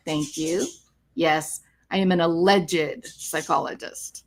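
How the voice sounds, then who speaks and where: A woman's voice: deep voice, fairly even intonation, slow pace. A woman psychologist talking on a live stream, explaining clinical topics and answering viewer comments.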